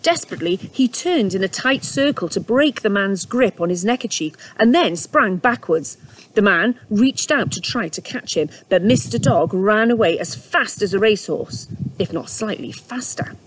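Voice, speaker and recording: Expressive woman reading a children's story. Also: medium pitch, normal speed, slight background noise, rough recording. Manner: warm, expressive storybook narration with asides. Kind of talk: reading a children's book aloud. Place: home.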